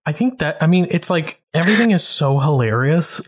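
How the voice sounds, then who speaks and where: A man's voice: fairly high pitch, animated, a little fast, breathy edge. A man co-hosting a podcast in casual chat, rambling, laughing often and restarting his sentences. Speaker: podcast co-host. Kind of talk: casual chat about an online game.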